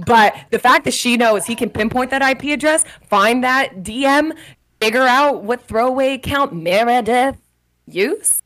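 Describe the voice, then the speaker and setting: A woman's voice: on the high side, moderate pace. A woman co-hosting a podcast, chatting casually and acting out quoted lines with gusto. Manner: animated, acts out quotes loudly. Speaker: podcast co-host. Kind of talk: casual recap chat.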